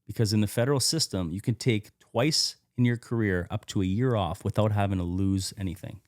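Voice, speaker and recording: Man, podcast guest, low voice, candid storyteller, swears a lot, dry close mic. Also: brisk, darkish tone, no echo. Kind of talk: casual storytelling interview.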